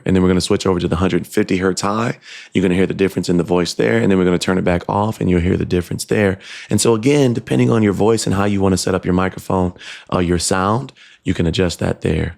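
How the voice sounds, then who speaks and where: A man's voice: low voice, fast, creaky, darkish tone. A man casually walking through a product demo in his home studio, explaining settings with frequent ums and restarts. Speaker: tech reviewer. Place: home studio with computer fans nearby. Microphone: dynamic USB/XLR desk mic, switching to camera shotgun mic.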